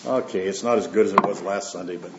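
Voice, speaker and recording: Pastor preaching in a roomy church. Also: male voice, low-pitched, fairly even intonation, heavy background noise. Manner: unhurried, with fillers and asides between verses. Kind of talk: sermon with scripture reading. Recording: roomy, dull lo-fi church recording.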